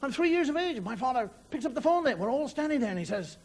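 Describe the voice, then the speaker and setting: A middle-aged Irish comedian tells a wry stand-up story in a very high, very animated voice, talking fast and acting out characters. It comes from a 1990 TV broadcast recorded in a studio, with audience noise and laughter in the background.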